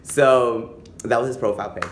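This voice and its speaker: A man vlogging in a campy, animated storytelling style, slipping into Spanish phrases and playful high voices. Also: moderate pace, roomy sound, slight background noise. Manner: switches between English and Spanish phrases. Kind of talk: casual storytelling vlog.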